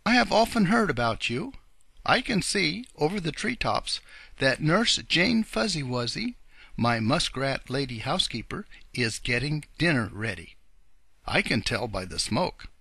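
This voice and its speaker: A man voicing a kindly old rabbit gentleman who speaks in a polite, old-fashioned, earnest way. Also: on the high side, sing-song, a little slow, creaky, husky, dry recording, voice pushed up, full character voice. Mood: courteous.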